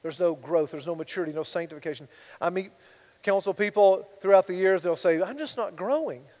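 A man preaching a sermon as pastor, swinging between loud emphatic bursts and quiet asides. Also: sits high, little pitch movement, brisk, in a large hall, poor audio.

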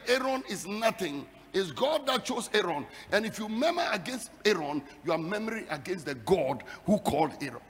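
A man preaching a fiery sermon, building his repeated phrases into shouted, sing-song climaxes. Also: high-pitched, slight background noise. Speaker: pastor. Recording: long hall reverb.

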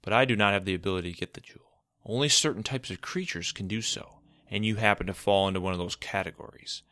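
A man reads out a cunning male schemer from a storybook, with cool, demanding lines and a quiet threat under them. The voice is pushed and forceful, sitting a little above the reader's deep natural pitch. It is close and dry, with no room sound at all. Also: quick pace, no room sound. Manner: cool, demanding, faintly menacing. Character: scheming, commanding adult male official. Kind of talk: storybook narration.

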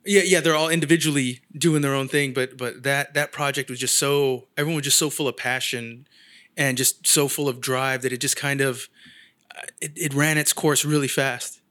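A man's voice: mid-range voice, steady tone, normal speed, a bit bright. A man in casual chat, telling a long story and acting out the people he quotes, swearing freely. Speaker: guest artist.

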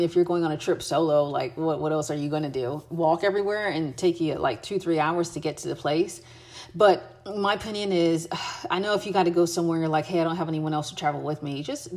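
Chatty American woman, slightly low voice. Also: a little mellow. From United States. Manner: chatty and informal, many fillers and restarts. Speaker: travel vlogger giving tips. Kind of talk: casual advice chat.

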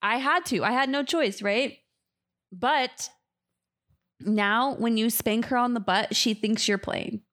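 A woman's voice: fairly high pitch, slow pace, a bit bright. Laid-back woman in sweary podcast chat. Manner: laid-back, profane, filler-heavy talk. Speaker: podcast co-host. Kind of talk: casual chat.

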